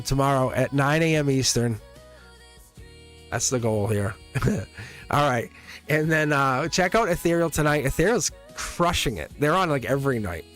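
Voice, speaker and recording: A man's voice: medium pitch, fairly bright tone. A man hosting a live tarot stream in a casual, rambling way, chuckling often and joking with his viewers.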